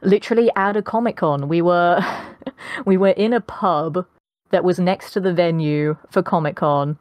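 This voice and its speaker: A young adult voice actress with a posh British accent chats as a podcast guest in a lowish, slightly mellow voice at a moderate pace, with no room sound. The interview is casual; she's talkative, laughs frequently and says um a lot.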